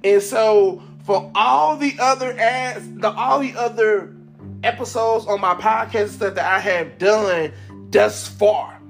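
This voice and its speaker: A man's voice: high-pitched, a bit bright. A man hosting his own podcast, telling a story casually and animatedly, laughing often and acting out the people he quotes, a little congested. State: congested from sinuses. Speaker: podcast host.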